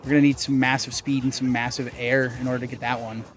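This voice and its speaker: A young man, a gaming channel host, giving casual gameplay commentary, chatty and excitable, swearing mildly and yelping when things go wrong. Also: quick pace. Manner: excitable, bursts into high yelps and laughs at mistakes. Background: faint game music.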